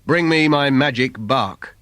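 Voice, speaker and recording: A man voicing a huge, menacing male fairy-tale giant who chants slowly and loudly. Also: dry recording. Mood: commanding. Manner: slow, loud and booming chant.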